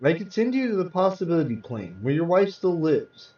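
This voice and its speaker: A man's voice: fairly high pitch, big pitch swings, brisk, darkish tone, pitched above the performer's own voice. A man reading aloud, voicing a small hospital lab technician who explains things patiently. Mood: explaining. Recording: roomy, distant, dull sound.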